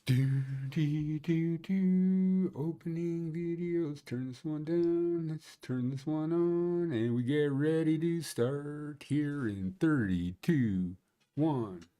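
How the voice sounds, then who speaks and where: A man's voice: on the high side, slow pace, mellow, clean tone. A man hosting a ski conditions livestream, rambling and joking as he thinks aloud. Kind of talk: casual livestream chat.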